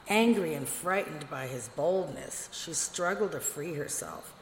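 A woman narrating a fairy tale in a measured, expressive reading. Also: low voice. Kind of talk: storybook reading. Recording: echoey room with long reverb, faint noise.

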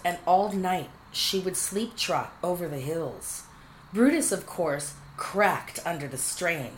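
A woman reading a storybook aloud in a playful, expressive manner. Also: low-pitched, a little hiss or hum, rough recording. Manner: playful, expressive, shifting into character voices.

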